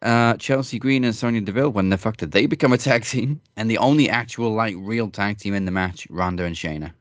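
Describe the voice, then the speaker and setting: Low-voiced, laid-back man, dry sound. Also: a little fast, dry recording. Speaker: podcast co-host. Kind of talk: casual wrestling chat.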